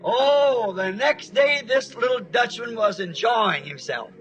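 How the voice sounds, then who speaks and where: A man's voice: extremely high pitch, lively intonation, slow pace, a bit bright, soft background music, low-quality recording. A man preaching a sermon, telling a folksy story with emphatic, rising outbursts.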